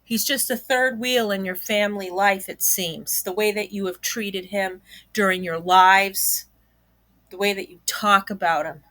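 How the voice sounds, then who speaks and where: A woman's voice: medium pitch, fairly even intonation, a little slow, pushed and bright, no room sound. A woman giving reaction commentary on a YouTube channel, blunt and indignant, swearing freely.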